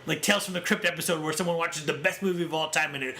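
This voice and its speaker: Racing along in a high-ish voice, a male podcast co-host chats about films and acts out scenes in quotes with lots of energy. There's slight background noise.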